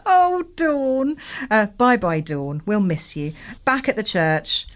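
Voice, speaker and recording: Woman, podcast co-host, casual TV recap, laughs a lot, high delighted squeals, lively pitch. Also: unhurried, a little hiss or hum.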